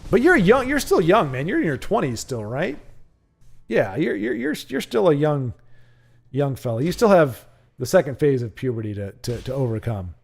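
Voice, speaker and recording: With vocal fry and big pitch swings in a high-leaning voice, the young streamer speaks at normal speed. He chats casually with viewers during a card game, rambling and frequently starting over.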